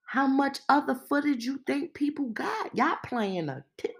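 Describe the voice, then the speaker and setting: A woman's voice: sits high, lively intonation, unhurried. A woman hosting a podcast, giving a sassy, emphatic opinion monologue full of rhetorical questions and casual slang. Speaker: podcast host.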